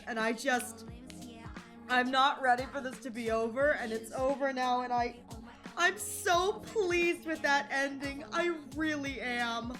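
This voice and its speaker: A woman's voice: high voice, measured pace, a bit bright, soft background music. A woman streamer chatting casually on a live game stream, gushing and emotional and often repeating herself.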